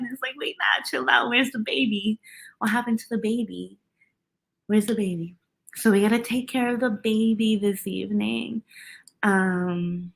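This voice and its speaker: A chatty woman runs a live tarot stream, talking loosely with her viewers and greeting them one by one. She laughs easily and drifts from topic to topic in a relaxed, conversational way. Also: mid-range voice. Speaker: tarot reader hosting a livestream. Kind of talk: casual livestream chat.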